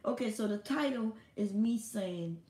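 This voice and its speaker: A woman's voice: on the high side, lively intonation, measured pace, mellow, reverberant. A woman hosting a live stream, talking in a casual, blunt and profane monologue.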